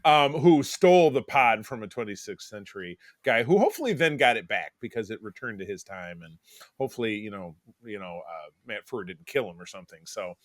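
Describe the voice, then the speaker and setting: A man's voice: lowish voice, very animated, fairly quick, no room sound. Rambling middle-aged man, dry close sound. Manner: rambling, digressive, many restarts. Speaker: podcast co-host. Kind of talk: casual chat.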